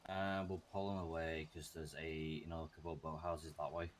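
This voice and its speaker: A man's voice: extremely low pitch, flat delivery, brisk, slight background noise. A man talking in character during an online roleplay, terse and clipped, with the odd curse.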